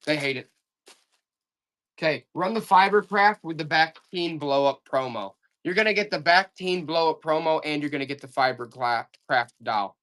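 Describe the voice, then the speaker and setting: An animated, fairly bright voice at normal speed belongs to a live online auction seller doing comic, exasperated hype. The selling patter is repetitive and urgent, with offers repeated and pleas aimed at viewers.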